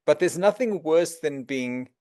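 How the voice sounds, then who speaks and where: A man as an interview guest, telling animated stories and acting out quotes in a conversational way. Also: a little high, a little slow, no echo, studio quality. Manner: animated storyteller, acts out quotes.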